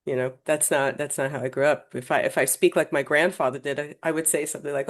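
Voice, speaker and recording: A woman hosting a conversational interview, telling stories in an animated, emphatic way. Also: low-pitched, fast, few pauses. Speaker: podcast host.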